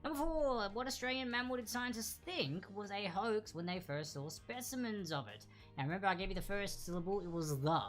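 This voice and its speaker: A woman hosting a casual live online trivia quiz, chatting and repeating each answer slowly and clearly. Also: mid-range voice.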